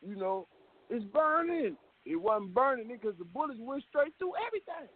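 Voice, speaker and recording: A man guest telling his story in an animated way, full of street slang and swearing, heard on a tinny phone line. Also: very high voice, brisk, husky. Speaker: rapper guest. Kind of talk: phone interview.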